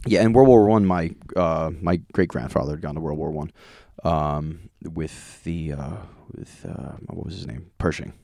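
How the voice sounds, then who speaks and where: A man being interviewed, telling rambling family stories in a casual, animated way and laughing often. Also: extremely low pitch, moderate pace, no echo, clean studio sound. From Long Island, New York. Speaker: guest musician.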